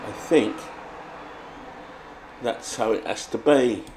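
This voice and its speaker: A man's voice: on the low side, slow pace, gravelly, noisy background. Chatty British man calling tabletop baseball. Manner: chatty, reads lineups like a play-by-play announcer. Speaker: tabletop baseball game host. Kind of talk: casual tabletop game commentary.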